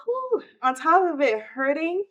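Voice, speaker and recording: A woman, hosting a podcast and telling a personal story of grief in an emotional, animated way. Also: high voice, a little slow, dull audio. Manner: emotional, animated retelling with quoted outbursts. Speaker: podcast host.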